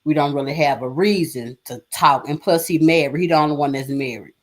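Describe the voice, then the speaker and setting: A woman in her forties hosting a livestream, telling stories to her viewers in a frank, loud, laughing way. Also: sits low, fairly quick. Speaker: livestream host. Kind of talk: casual chat with viewers.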